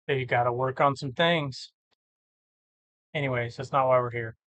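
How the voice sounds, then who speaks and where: A tired man who talks casually and thinks out loud, rambling and correcting himself as he works through reseller listings. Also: mid-range voice, fairly even intonation, normal speed, a little hiss or hum. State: tired, yawning. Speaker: eBay reseller vlogger. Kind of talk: casual screen-share commentary.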